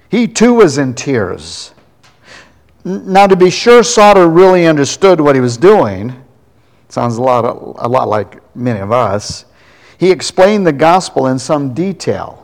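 A man's voice: on the high side, sing-song. Earnest male preacher in a reverberant hall. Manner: earnest, slows down to stress key words. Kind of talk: sermon storytelling. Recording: long reverb of a large hall.

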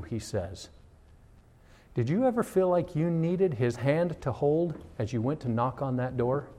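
A man, a pastor preaching a sermon in church, animated and acting out the voices and prayers he quotes. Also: mid-range voice, unhurried.

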